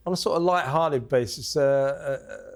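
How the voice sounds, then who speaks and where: A man's voice: mid-range voice, measured pace. A man hosting a TV interview, asking questions in a hesitant way with frequent fillers and restarts. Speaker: talk show host. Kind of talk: conversational TV interview.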